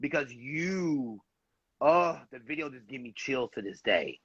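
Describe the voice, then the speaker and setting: Effusive bright-toned male host, muffled. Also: medium pitch, animated, a little slow, husky, no room sound. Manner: effusive, encouraging interjections. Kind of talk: casual interview chat. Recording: dull muffled dry sound.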